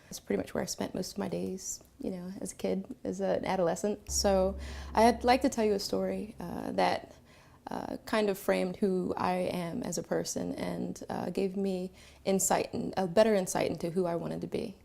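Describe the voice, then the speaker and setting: A woman from Philadelphia telling a personal story, reflective and halting, with many pauses and fillers. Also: mid-range voice, steady tone, gravelly, dark tone. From Philadelphia, Pennsylvania.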